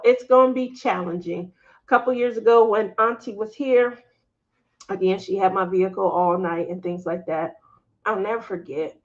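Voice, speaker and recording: A woman's voice: fairly bright tone, dull audio. A middle-aged woman hosting a casual craft live stream, talking with her viewers, laughing often and acting out family members' lines in livelier voices. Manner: chatty, laughs often, acts out family quotes in higher voices. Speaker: craft channel host.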